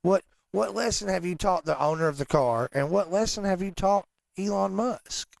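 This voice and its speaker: Gravelly emphatic male co-host. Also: high voice, expressive, moderate pace, no echo. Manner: enthusiastic, emphatic. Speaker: radio co-host. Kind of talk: casual radio chat.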